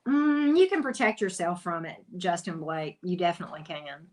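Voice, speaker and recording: A woman's voice: lowish voice, big pitch swings, normal speed. Chatty woman greeting her viewers. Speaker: tarot reader and channel host. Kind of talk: casual livestream chat with viewers.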